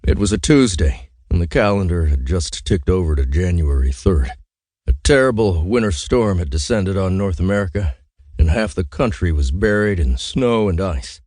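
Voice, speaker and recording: A man narrating an audiobook in a wry, conversational way. His voice sits very low and sounds dark and mellow. The recording is dry, with no room sound at all. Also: expressive, moderate pace, no room sound. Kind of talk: scripted narration.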